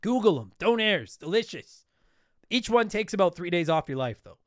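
A man's voice: sits high, very animated, normal speed, no echo, studio quality. A man hosting a podcast at home, answering listener mail in a blunt, profane, ranting way. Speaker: podcast host. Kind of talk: casual podcast talk reading listener mail. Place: home room with game shelf.

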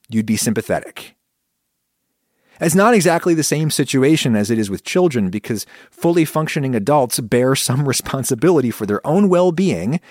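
Guy doing a solo podcast, really expressive pitch, dry close sound. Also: no echo. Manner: conversational, reflective, animated when quoting thoughts. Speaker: podcast host.

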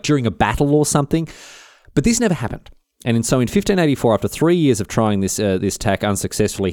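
Man, Australian accent, casual history storytelling, chatty, slangy, animated pitch, dry sound. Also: no room sound. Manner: chatty and slangy, with many restarts.

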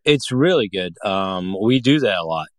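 A man's voice: on the low side, animated, moderate pace, no room sound. A man from the Pacific Northwest chatting casually as a podcast guest, rambling with lots of fillers and restarts. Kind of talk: casual chat.

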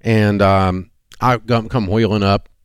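A middle-aged man, hosting a money talk show and telling a folksy story in a lively voice. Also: fairly low pitch, takes it slowly, clear, resonant tone, dry recording. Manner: folksy storyteller who puts on voices for quoted people. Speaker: radio show host.

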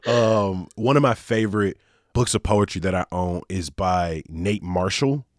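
A man's voice: low-pitched, measured pace, dry recording, clean studio sound. A man hosting a local news podcast in an easygoing, casual way. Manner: relaxed, easygoing, says y'all and uh often. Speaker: podcast host.

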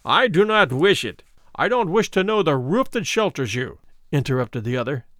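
A man reading aloud and voicing a ruined, bitter old drunkard who confronts an old acquaintance with loud, scornful outbursts. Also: fairly high pitch, sing-song, normal speed, dry recording, clean studio sound.

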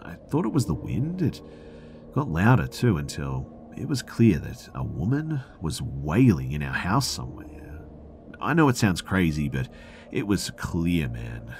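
Very deep-voiced man reading a scary story. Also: very animated, unhurried, a little mellow, a little hiss or hum. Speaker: story narrator.

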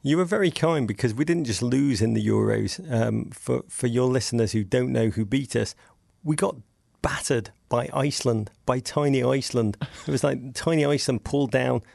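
A middle-aged Englishman with a gravelly, mellow voice tells stories in animated bursts. His pitch leaps up for emphasis, and the recording is dry and close. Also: normal speed, no room sound. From England. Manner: vivid, storytelling delivery with bursts of rising emphasis. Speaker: podcast guest. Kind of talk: animated casual chat.

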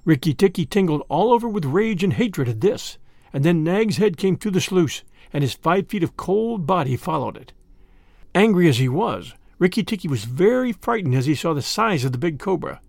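A man reads a classic animal tale aloud with expressive, animated storytelling. His voice sits high and moves in lively swings, with a gravelly rasp running under it. The sound is dry and close. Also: normal speed, no room sound. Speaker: narrator. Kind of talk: storybook reading.

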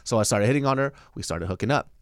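A man's voice: fast, clear, resonant tone, no echo, studio quality. A man in his twenties, a podcast host and stand-up comic, telling a profane, laughing story in casual chat. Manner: animated, profane, laughing storyteller who jumps high in pitch for quoted voices.

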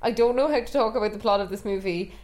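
A woman co-hosting a casual film review podcast, animated, laughing and acting out her reactions. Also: mid-range voice, fast talker. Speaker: podcast co-host.

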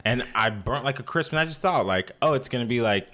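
Young male podcast co-host, bright tone, animated and rambling. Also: mid-range voice, fast. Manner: animated, laughing, rambling with restarts. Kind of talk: casual chat.

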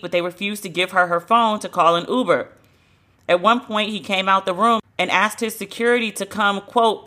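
A woman hosts her own podcast with a bright, forceful voice and a blunt, sarcastic delivery. She talks at a middling pitch and swears freely. The sound is a close podcast mic. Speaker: podcast host. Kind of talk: solo podcast commentary. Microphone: studio podcast microphone.

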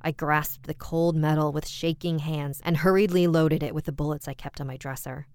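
A woman reading a scripted horror story aloud as a podcast narrator, in a measured, even storytelling delivery. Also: deep voice, clear, resonant tone, no echo.

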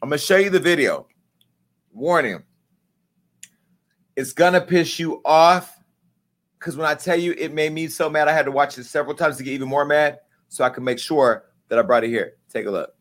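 Male vlog host, joking gossip commentary, salty and lively, slightly high voice. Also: moderate pace, pauses often. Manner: animated, profane, joking.

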